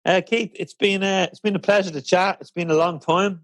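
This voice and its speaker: Man, podcast host, friendly banter, slightly high voice, dry close sound. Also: steady tone, fairly quick, a bit bright, no room sound. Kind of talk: casual interview chat.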